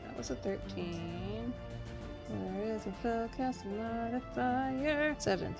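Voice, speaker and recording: A woman playing a tabletop game, playful and quick to laugh. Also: fairly high pitch, gravelly, music in the background. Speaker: player.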